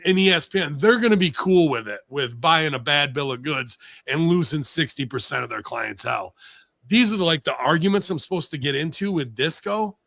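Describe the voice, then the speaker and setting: A man's voice: on the high side, vocal fry, a bit bright, no echo. A man hosting a talk show, ranting sarcastically with lots of profanity in casual heated chat. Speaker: podcast host.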